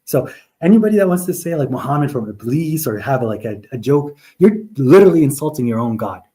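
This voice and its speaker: A man's voice: mid-range voice, big pitch swings, brisk, mellow, slightly rough. A man hosting a live online religious talk, arguing with viewers in the chat in a mocking tone and breaking into quoted Arabic verses. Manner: argumentative, mocking, talks straight to viewers.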